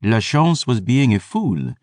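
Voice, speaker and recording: A man voicing a smug, condescending vampire historian who lectures smoothly. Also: mid-range voice, big pitch swings, slow, no echo, studio quality, voice pushed up.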